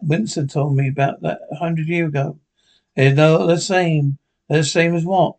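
Men with Scottish accents acting as bickering old male pensioners in a sitcom, trading quick, sweary, deadpan banter. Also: fairly high pitch, close to an everyday voice. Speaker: sitcom characters. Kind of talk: scripted sitcom dialogue.

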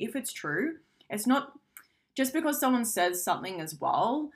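A woman's voice: on the high side, very animated, normal speed. A woman giving a casual self-help talk, speaking frankly and conversationally, swearing now and then.

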